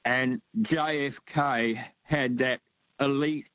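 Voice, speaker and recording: A man's voice: mid-range voice, fairly even intonation, slow pace, a bit bright, no room sound, highs cut off. An older man, calling in to a radio talk show and rambling with many fillers and hesitations. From Australia. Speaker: radio caller. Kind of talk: casual phone-in chat.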